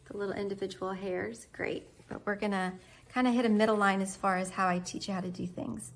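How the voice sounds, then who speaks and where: A woman's voice: medium pitch, steady tone, fairly quick, a little hiss or hum. A woman in her thirties giving a chatty, encouraging step-by-step drawing lesson for kids, thinking aloud as she draws. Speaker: art teacher.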